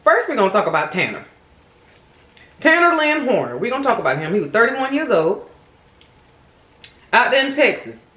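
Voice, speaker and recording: A woman hosting a mukbang video, telling a crime story in a sassy, animated way, speaking straight to her viewers. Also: on the high side, normal speed, pauses often, echoey room. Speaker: mukbang host. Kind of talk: casual true-crime storytelling while eating.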